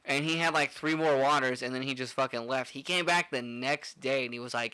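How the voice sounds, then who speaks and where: Young male bartender, foul-mouthed rambling storyteller, bright voice. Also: mid-range voice, fairly even intonation, fairly quick, hardly any pauses, smooth, no echo. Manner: profane, rambling with many "like" fillers. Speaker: podcast co-host, bartender. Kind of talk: casual storytelling chat.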